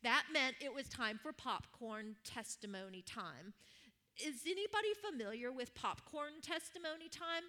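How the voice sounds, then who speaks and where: Bright-voiced woman preacher in her fifties. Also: high voice, animated, moderate pace. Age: 50s. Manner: warm storytelling with laughs and prayer. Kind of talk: sermon with personal story.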